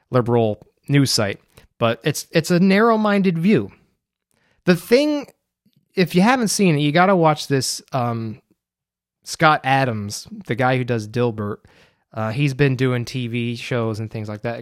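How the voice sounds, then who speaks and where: A young American man hosting a podcast solo rambles casually, his chatter thick with fillers. He has a mid-range voice. The studio sound is clean, with no room sound.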